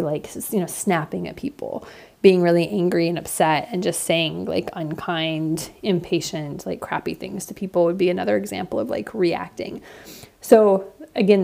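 A woman's voice: lowish voice, vocal fry, mellow. A woman in her thirties hosting a podcast, talking candidly and reflectively in a casual monologue with lots of fillers. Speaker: podcast host.

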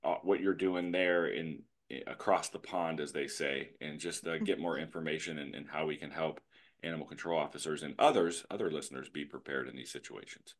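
A man with a very low voice hosts a relaxed podcast. He tells stories in a rambling, joking way and teases himself. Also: fairly quick. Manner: jokey, rambling storyteller. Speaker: podcast host, animal control officer. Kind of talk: casual podcast chat.

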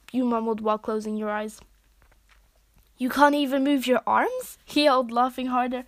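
Woman, fanfic reading, casual, chatty asides, fairly high voice, dry sound. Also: no echo. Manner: informal, chatty asides between narration. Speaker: fanfic reader.

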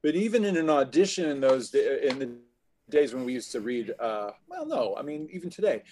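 A middle-aged man is a guest on an interview podcast, sharing stories from his acting career. He talks loosely and conversationally, often breaking off a phrase and starting it again. His pitch sits in the ordinary middle range for a man. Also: sing-song, fairly quick, darkish tone, a little hiss or hum. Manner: anecdotal, restarts phrases often. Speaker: guest actor.

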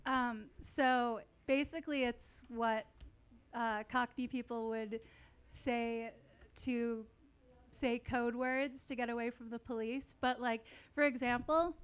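A woman's voice: on the high side, clear, resonant tone. A woman answering questions as a contestant on a live quiz show, hesitant and full of ums.

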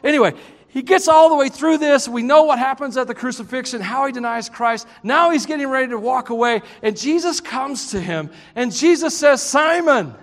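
A man with a Southern US accent preaching a sermon, telling stories in an animated, joking way and breaking into shouts. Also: very high-pitched, fairly quick. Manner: animated, joking storyteller who bursts into shouts. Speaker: pastor. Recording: long hall reverb.

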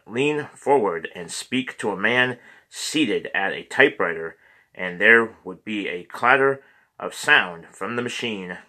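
A man narrating a memoir audiobook in a measured way, with occasional stumbles and restarts. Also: fairly low pitch, pushed and bright.

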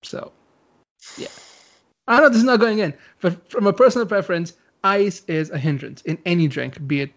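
A man's voice: high voice, normal speed, fairly bright tone. Rambling man explaining, muffled sound. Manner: rambling, explains at length with many fillers. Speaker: podcast co-host. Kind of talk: casual chat.

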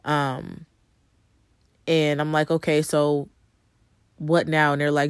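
A woman's voice: low voice, monotone, unhurried, long pauses, clean tone, no echo, clean studio sound. A woman telling viewers a personal story in a conversational way, with frequent ums and repeated phrases. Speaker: vlogger telling her birth story.

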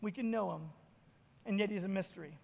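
A male pastor preaching a sermon, retelling Bible scenes with animated, acted-out dialogue. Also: sits high, brisk, vocal fry, long reverb tail, dull audio.

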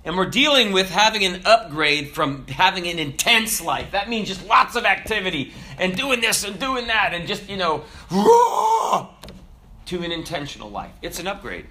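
Man, pastor, sermon, slightly high pitch, bright tone, emphatic, humorous asides. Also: big pitch swings, normal speed, hardly any pauses, a little hiss or hum.

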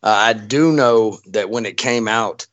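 A man's voice: lowish voice, unhurried, a bit bright, dry recording, muffled recording. A man with a Texan accent talking casually as a podcast guest, rambling with lots of uh and restarts. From Texas, USA. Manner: rambling, many fillers and restarts.

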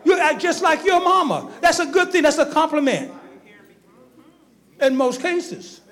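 A man preaching a fiery sermon, moving from quiet asides to shouted preaching. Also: very high-pitched, very animated, unhurried.

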